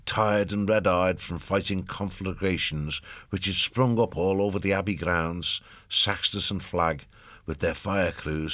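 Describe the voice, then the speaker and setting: A man giving steady scripted narration of a story. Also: low-pitched, no echo.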